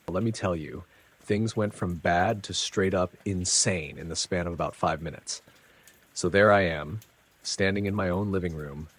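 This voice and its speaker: A man's voice: sits low, husky. A man narrating a first-person story in a dramatic, conversational way with casual asides.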